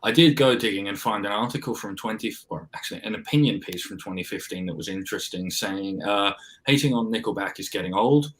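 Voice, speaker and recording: A man, co-hosting in a stoic, measured way. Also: fairly low pitch, fairly bright tone, a little hiss or hum. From Australia. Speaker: co-host.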